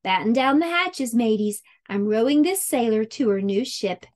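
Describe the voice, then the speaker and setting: A woman voicing a kind, patient preschool teacher with gentle, playful pirate talk. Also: fairly high pitch, animated, moderate pace, lightly acted. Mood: gently playful.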